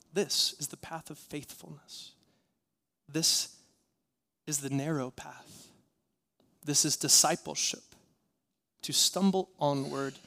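A man preaching a sermon as pastor, earnest and rhythmic, moving from hushed, slow phrases to impassioned, rising appeals. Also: fairly high pitch, vocal fry.

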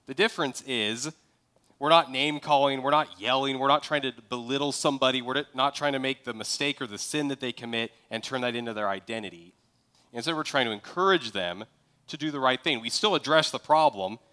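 A man with a bright, forceful voice preaching a sermon in a relaxed, conversational way. He slips into little acted-out exchanges to illustrate his points. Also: medium pitch, brisk. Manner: conversational, acts out sample dialogue. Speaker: pastor.

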